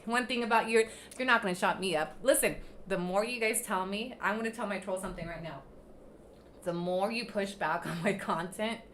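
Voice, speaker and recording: A woman's voice: medium pitch, a bit bright, a little hiss or hum. A young woman hosting a casual livestream, venting bluntly and with plenty of swearing at critics in the comments. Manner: blunt, profane, ranting at critics. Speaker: livestream host.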